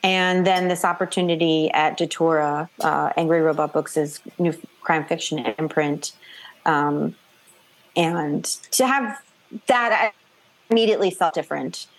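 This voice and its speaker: A woman author talking casually in an interview, chatty and animated, acting out quoted voices as she tells her story. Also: deep voice, measured pace. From New York / New Jersey. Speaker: author guest.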